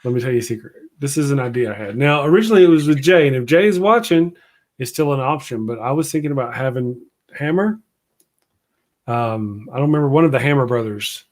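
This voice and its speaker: A man talking in a loose, casual chat. He rambles, restarts and trails off mid-thought, and turns teasing and animated when he tells a story. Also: medium pitch, fast talker. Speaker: guest, morning show host.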